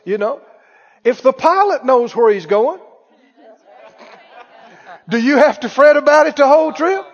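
A man preaching a lively sermon, calling out to the congregation and acting out anxious voices. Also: extremely high pitch, measured pace, a faint crowd. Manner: animated, calls for responses, acts out worried voices. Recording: dull echoey hall recording.

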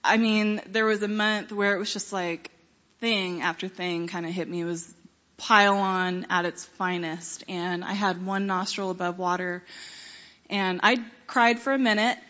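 A woman telling a personal testimony to a congregation, earnest and unhurried, with many fillers and pauses. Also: mid-range voice, fairly even intonation, pushed and bright, muffled recording. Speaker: church member giving a testimony.

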